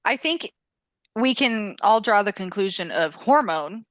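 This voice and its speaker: A woman's voice: medium pitch, expressive, measured pace, no room sound. A woman co-hosting a casual book-club podcast, laughing often as she talks. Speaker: podcast co-host.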